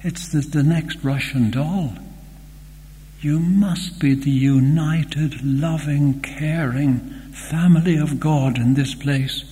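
An older man preaching a sermon in a church, earnest and slow, with fond asides. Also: on the high side, mellow. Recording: long hall reverb, faint hum.

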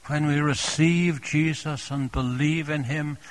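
This sermon comes from a man whose voice runs on the high side, with little pitch movement and a measured pace. He speaks gently and tenderly, softly repeating phrases and greeting the congregation as dear friends.

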